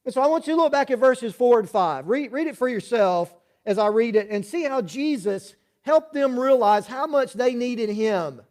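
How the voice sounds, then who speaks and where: A man's voice: extremely high pitch, animated, normal speed, few pauses, darkish tone. A male pastor preaching a sermon in a conversational way, often checking in with the congregation with "right?" asides. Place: church.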